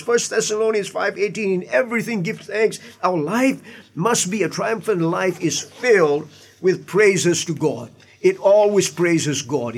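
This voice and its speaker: A man, a pastor, preaching an earnest sermon with emphatic asides and repeated words. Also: sits high. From Indian heritage.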